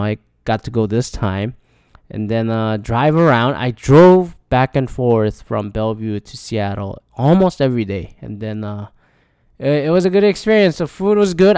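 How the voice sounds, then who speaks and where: A man telling a rambling, profane story in a casual monologue, jumping to a higher voice to act out quotes. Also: darkish tone, smooth, dry recording, studio quality. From lives in Michigan.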